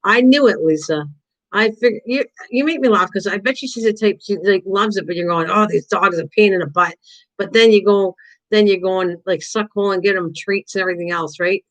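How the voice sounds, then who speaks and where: An older woman rambles through a live crafting stream, chatting easily to unseen viewers and to her dog. Her pitch sits right in the middle and her talk wanders from one thought to the next. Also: brisk, poor audio. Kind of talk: casual live-stream chat while painting.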